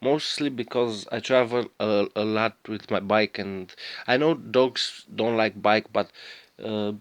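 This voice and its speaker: A man's voice: on the low side, steady tone, dry recording. Rambling, profane man. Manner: profane, halting, searches for words. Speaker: storyteller. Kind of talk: rambling casual storytelling monologue.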